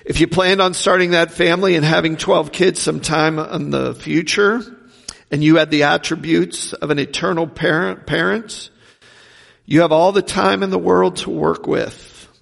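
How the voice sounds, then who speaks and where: A man preaching a sermon, asking rhetorical questions and swinging between loud and hushed delivery. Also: on the high side, fairly even intonation, moderate pace, creaky, in a large hall.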